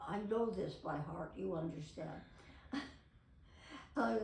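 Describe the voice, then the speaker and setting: A woman's voice: fairly low pitch, expressive, unhurried, mellow. A woman in her nineties, a voice actress, chatting to camera and reading aloud with theatrical flair. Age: 90s. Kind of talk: casual storytelling to camera. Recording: echoey room, mic at a distance.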